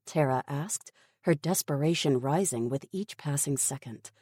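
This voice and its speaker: A woman narrating an audiobook in a measured, steady storytelling manner. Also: extremely low pitch, breathy edge, no echo, clean studio sound. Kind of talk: scripted narration.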